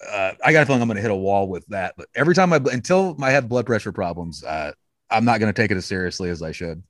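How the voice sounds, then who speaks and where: A man's voice: on the low side, lively intonation, fast talker, a bit bright, no echo. A man talking casually as a guest, rambling with many restarts and fillers. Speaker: podcast guest. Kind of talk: casual conversation.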